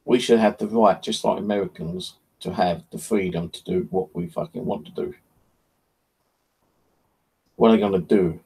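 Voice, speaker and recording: A man's voice: sits low, fairly even intonation, brisk, creaky, hardly any pauses, a little mellow, husky, rough recording. A man, hosting his channel in a casual, rambling chat, blunt and full of swearing. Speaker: paranormal channel host.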